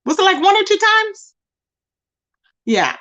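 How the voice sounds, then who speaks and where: Animated, high-voiced woman streamer. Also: a little slow, lo-fi sound. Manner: animated and mocking, addressing chat as y'all. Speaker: live stream host. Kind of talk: casual gossip commentary.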